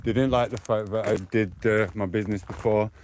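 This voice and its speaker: A man's voice: fairly low pitch, steady tone, a little fast, a little mellow, a little hiss or hum. A British man from the UK live-streaming on his phone while walking outdoors, chatting rambly and defensively to his viewers. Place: outdoors, walking along streets.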